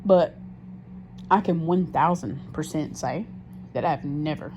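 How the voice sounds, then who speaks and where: A woman with a low voice talks through a rambling, candid diary entry, swearing freely and circling back on herself with fillers. The sound is muffled and lo-fi. A steady hiss of background noise runs under her. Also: unhurried. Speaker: diary vlogger. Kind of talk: casual confessional diary talk.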